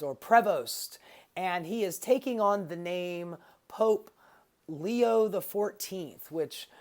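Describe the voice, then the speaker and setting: A woman with a somewhat low voice delivers a casual vlog rant. She is sarcastic and freely profane, and she rambles with fillers and asides. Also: darkish tone. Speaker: political commentary vlogger. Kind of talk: casual ranting monologue.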